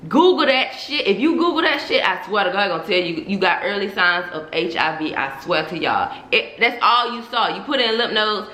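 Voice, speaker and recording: Young woman YouTuber, frank profane chat to camera, bright tone, roomy echo. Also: medium pitch, lively intonation, moderate pace, hardly any pauses. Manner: candid, profane, addresses viewers as y'all. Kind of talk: casual vlog confession to viewers. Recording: echoey room.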